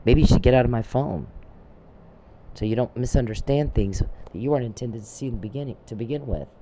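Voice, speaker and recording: A man delivers a rambling, profane monologue, calling people out by name. His voice sits dark and mellow at a middle pitch. He drifts into retelling conversations with quoted lines. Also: a little fast, slight background noise. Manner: profane, accusatory, addresses people directly; storytelling with quoted back-and-forth. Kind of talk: rambling recorded rant.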